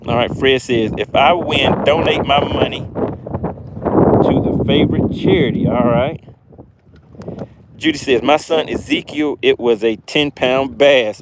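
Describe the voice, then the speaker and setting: Outdoors on a fishing trip, a Southern-accented man hosts a livestream, chatting upbeat with viewers and reading their comments aloud. His voice sits a little high, with slight background noise.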